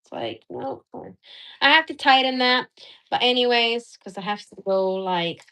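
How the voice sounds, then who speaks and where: A woman's voice: a little high, animated, a little slow, bright, forceful tone. A woman hosting a casual live stream, chatting and rambling through stories as she shows her gear.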